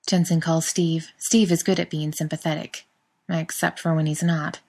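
Female narrator, lower pitch, steady storybook reading. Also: normal speed, husky. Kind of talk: scripted narration.

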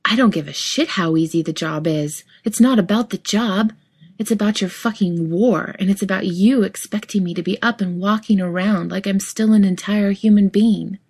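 A woman's voice: medium pitch, moderate pace, darkish tone, husky. Dean, a woman voicing a furious swearing young man. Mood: furious, shouting. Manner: blunt, swearing, biting. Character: angry young man, hot-tempered driver. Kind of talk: audiobook fiction reading.

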